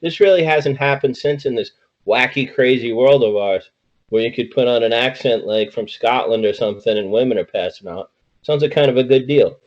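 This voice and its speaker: A man's voice: mid-range voice, moderate pace. A man co-hosting a podcast, asking chatty, enthusiastic questions in casual interview talk. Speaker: podcast co-host. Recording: muffled lo-fi audio.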